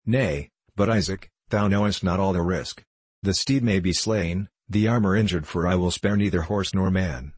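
A man reading aloud plays a proud knight dressed as a pilgrim, who speaks in a stern, measured way. His voice is low and husky. The sound is dry and close. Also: a little mellow, dry recording. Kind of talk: audiobook character voice.

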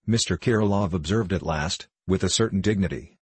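A man narrating a classic novel as an audiobook in a measured, even reading. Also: sits low, breathy edge, no echo.

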